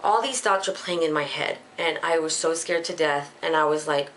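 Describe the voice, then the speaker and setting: A young adult woman earnestly retelling a frightening personal experience, halting and emotional, with frequent restarts. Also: low voice, fairly bright tone, slight background noise. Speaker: storyteller. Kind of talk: casual personal story.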